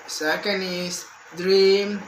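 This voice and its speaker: A young Indonesian university student reads a prepared exam answer aloud, going slowly and carefully, repeating words and restarting lines. His voice is high with little pitch movement, and the room echoes with a faint hum in the background.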